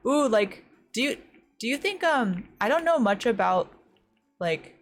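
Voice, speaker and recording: A woman's voice: fairly high pitch, big pitch swings, measured pace, slight background noise. Chatty young American woman streamer. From US West Coast. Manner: chatty, says "like" a lot, startled gasps and squeals while playing. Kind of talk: casual chat while gaming.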